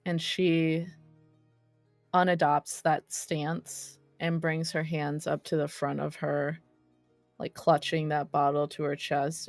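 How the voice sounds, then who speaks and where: A playful woman runs a tabletop game as its game master, teasing her players and laughing often. Her voice sits a little low, in a dry, close recording with faint music behind. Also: level tone, slow, dry recording.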